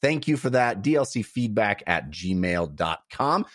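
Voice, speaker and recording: A male podcast host with a very lively, up-and-down voice, recorded close and dry. He hypes the show like an announcer, talking in big, theatrical swings. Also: a little slow, no room sound. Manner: booming showman intro, pitch swinging wide. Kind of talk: energetic podcast hosting.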